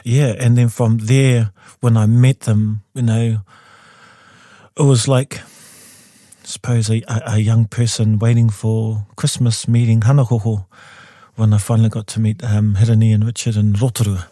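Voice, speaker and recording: A man with a New Zealand accent, a guest telling his story in a studio interview, lively and acting out what others said. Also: on the low side, normal speed, dry recording. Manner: lively storyteller who acts out what people said. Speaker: guest, composer and musician.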